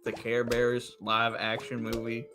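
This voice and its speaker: A man's voice: mid-range voice, monotone, measured pace, pushed and bright, faint music behind. A man guesting on a stream, chatting easily, laughing often and tripping over his words. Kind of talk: casual chat on a game stream.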